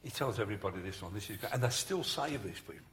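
A clergyman telling humorous stories in a sermon, laughing often and breaking into shouted commands. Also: on the low side, animated, fast talker, roomy sound, a little hiss or hum. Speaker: senior clergyman preaching.

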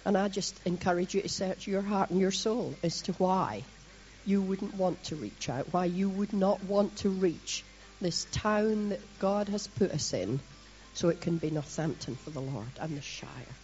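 A middle-aged Scottish woman from Scotland giving a lively, chatty sermon to her congregation, with self-mocking asides. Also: lowish voice, measured pace, lo-fi sound. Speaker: church leader preaching.

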